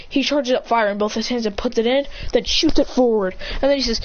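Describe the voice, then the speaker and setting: A woman excitedly making up a fan story, rambling and tripping over her words. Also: fairly high pitch, fairly quick, few pauses, slight background noise. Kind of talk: improvised fan story narration. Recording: muffled lo-fi recording.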